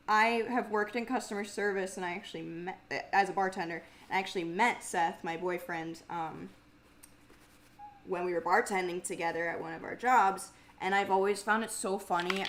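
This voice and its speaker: A young woman hosting a casual livestream in a mumbly, grumbly voice, chatting, swearing freely and laughing often. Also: a bit bright. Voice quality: mumbly, grumbly low speaking voice. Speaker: livestream host and singer. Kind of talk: casual livestream chat reading viewer comments.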